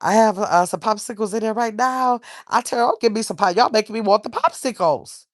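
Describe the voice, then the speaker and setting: A woman's voice: mid-range voice, animated, brisk, no echo, clean studio sound. A middle-aged woman hosting a casual livestream, rambling and reading viewer comments aloud. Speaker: livestream host.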